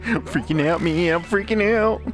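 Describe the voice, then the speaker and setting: A man's voice: high voice, moderate pace, over music. A young man co-hosting a co-op gameplay video, bantering crudely and laughing often. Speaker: gaming co-host. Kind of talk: casual co-op gameplay commentary.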